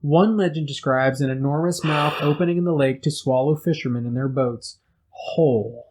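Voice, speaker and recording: A man's voice: fairly high pitch, normal speed, a little mellow, poor audio. Joking male podcast co-host. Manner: jokey, interrupts with wisecracks. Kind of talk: casual chat, reading news.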